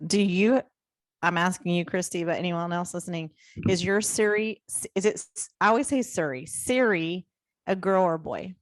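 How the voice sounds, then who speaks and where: In casual podcast chat, this female co-host comes across chatty and upbeat, restarting quickly here and there. She has a fairly low voice with fairly even intonation, recorded in studio quality without echo.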